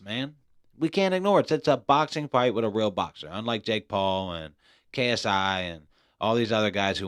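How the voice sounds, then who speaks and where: A man hosts a casual podcast, speaking bluntly, swearing freely and constantly saying "man." His voice is lowish and fairly bright, captured in a dry, studio-quality recording.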